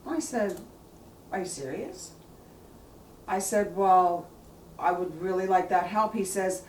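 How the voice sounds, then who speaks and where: A woman's voice: on the low side, expressive, slow, long pauses, darkish tone, recorded from a distance. A middle-aged woman, telling a personal story in an earnest, rambling way with many restarts. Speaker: blogger telling a family story. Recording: echoey room, voice a bit off-mic.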